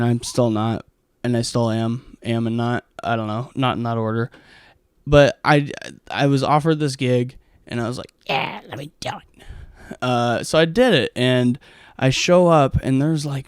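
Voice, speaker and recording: Rambling, profane comic, smooth dry voice. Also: male voice, medium pitch, a little mellow, dry recording. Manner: rambling, profane, heavy with fillers. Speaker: stand-up comic. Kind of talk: casual monologue storytelling.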